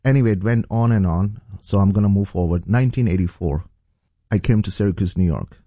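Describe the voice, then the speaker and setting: A man's voice: fairly low pitch, fairly quick, warm tone, no room sound, clean studio sound. A middle-aged man from Pakistan, a pastor, earnestly telling his personal testimony as an interview guest. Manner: earnest, storytelling.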